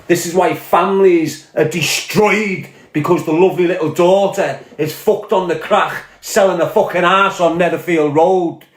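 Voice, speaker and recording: A man's voice: a little high, roomy sound. A man with a Scouse accent from Liverpool, delivering an angry, profane, confrontational rant to camera. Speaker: online commentator.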